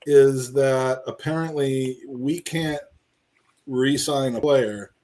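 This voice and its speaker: A man's voice: medium pitch, slow pace, mellow. A man hosting a podcast as a casual live-stream chat, rambling and joking with many restarts. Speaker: podcast host.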